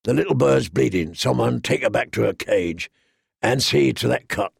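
Grim scarred soldier, scornful, gravelly and low, voiced by a man. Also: animated, normal speed, no echo, clean studio sound, full character voice. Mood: growling.

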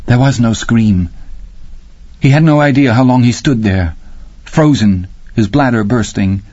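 A man narrating a story in a measured, even way. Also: medium pitch, dry recording, highs cut off. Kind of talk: audiobook narration.

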